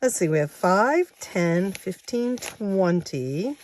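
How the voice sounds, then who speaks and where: A woman in her sixties chatting casually to her viewers, counting money out loud as she goes. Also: mid-range voice, animated, slow. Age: 60s. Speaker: savings challenge vlogger.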